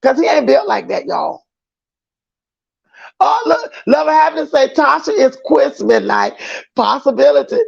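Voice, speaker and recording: A man's voice: very high voice, wildly swooping pitch, unhurried, creaky, long pauses, muffled recording. A man hosting a livestream, chatting and gossiping casually as he reads viewer comments and greets each one as boo. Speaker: livestream host.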